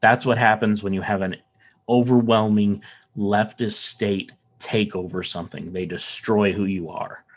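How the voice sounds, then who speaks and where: A man's voice: lowish voice, fairly even intonation, a little slow. A man from the American South, without a Southern accent, talking earnestly in a casual podcast conversation, often restarting and repeating words. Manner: earnest, rambling, with frequent restarts and repetitions.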